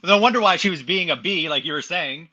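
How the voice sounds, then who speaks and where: A man's voice: on the high side, fast talker, muffled recording, over a noisy crowd. A man hosting an interview, chiming in with short reactions and follow-up questions. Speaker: interviewer, host. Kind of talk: casual interview.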